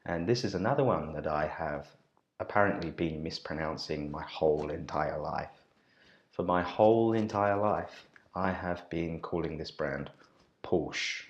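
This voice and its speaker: A man teaching an online pronunciation lesson as an English teacher, repeating words slowly and carefully and talking directly to his viewers. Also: very deep voice, lo-fi sound. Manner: friendly direct address to viewers.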